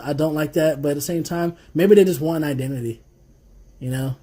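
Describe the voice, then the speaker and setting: Husky dude in his late 20s, kinda high voice, chill podcast banter, swears a lot. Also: fairly even intonation, brisk, mellow. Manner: laid-back, swearing, laughs often. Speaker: podcast co-host. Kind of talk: casual chat.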